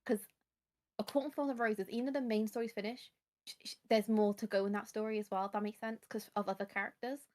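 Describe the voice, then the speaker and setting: A young woman streaming and chatting casually about books. She talks at length and rambles as she explains things, in a voice of ordinary pitch for a woman. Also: steady tone, fast talker, a little mellow.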